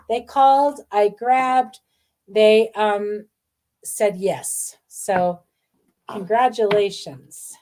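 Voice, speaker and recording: Gushing, mellow-voiced woman reading cards live. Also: medium pitch, slight background noise. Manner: gushing, warm, meandering with many fillers. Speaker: intuitive card reader hosting a live stream. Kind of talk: casual live card reading.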